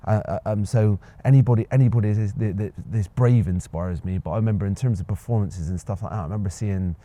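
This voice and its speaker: A man's voice: fairly low pitch, fast talker, mellow. A young man, an actor being interviewed, talking reflectively with many ums and restarts. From Bristol, England. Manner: hesitant, many fillers and restarts. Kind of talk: reflective casual conversation.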